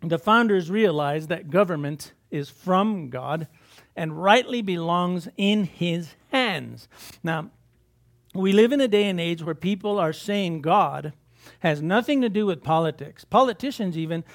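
A man delivers a sermon with a slightly higher-than-usual pitch. He talks from the pulpit in a loose, conversational way, breaking off for asides and repeating words as he goes. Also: animated, unhurried. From United States. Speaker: pastor.

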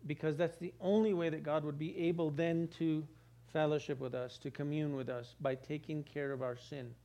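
A man's voice: on the high side, a little mellow. Preaching man, rhythmic emphasis. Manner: preaching with rising emphasis and repetition. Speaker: pastor. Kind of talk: sermon.

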